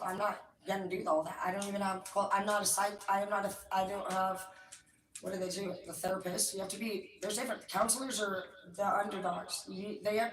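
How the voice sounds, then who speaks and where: A woman's voice: medium pitch, a little hiss or hum. A woman rants in a loose, wandering monologue, cursing in nearly every sentence. She sits some way back from the microphone, and her voice bounces around a roomy, echoing space. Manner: profane, swears constantly, rambling. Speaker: tarot streamer. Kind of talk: rambling casual monologue. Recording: echoey room, distant mic.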